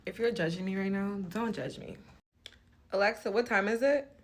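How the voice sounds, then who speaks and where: A woman chatting casually in a vlog, low-key and musing aloud to herself. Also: moderate pace, slight background noise. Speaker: vlogger.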